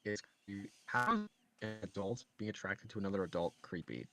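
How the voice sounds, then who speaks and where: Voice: low voice, fairly quick, sharp tone, soft background music. Stream co-host, indignant, swearing, mocking repetition, casual chat.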